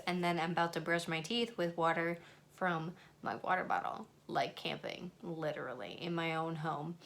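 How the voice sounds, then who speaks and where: A woman's voice: on the low side, fairly bright tone. A young woman talks straight to her camera at home in a loose, chatty vlog. She swears freely, rambles through her thoughts and sometimes drops to a whisper. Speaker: book vlogger. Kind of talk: casual reading vlog. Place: at home, in bed and in a messy room.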